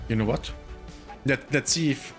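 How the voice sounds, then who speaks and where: A man's voice: medium pitch, normal speed, fairly bright tone, faint music behind. A man streaming a video game in casual chat, muttering to himself and swearing a lot. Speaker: gaming streamer.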